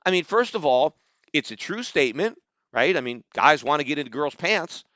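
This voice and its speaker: A man's voice: a little high, animated, normal speed, bright, forceful tone, dry recording, lo-fi sound. A middle-aged American man hosting a podcast, giving combative, sarcastic solo commentary and often asking "right?". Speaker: podcast host.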